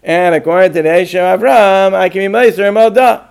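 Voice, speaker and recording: A man's voice: sits high, moderate pace, creaky, darkish tone, slight background noise. A man giving an informal Torah lecture on Jewish law, reasoning aloud and posing questions he then answers.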